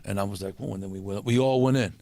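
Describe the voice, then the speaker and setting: A man's voice: on the low side, fast talker, no room sound. A man, telling stories in a casual interview, swearing freely and acting out the voices of the people in them. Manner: streetwise, profane, animated storytelling with acted-out quotes. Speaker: interview guest.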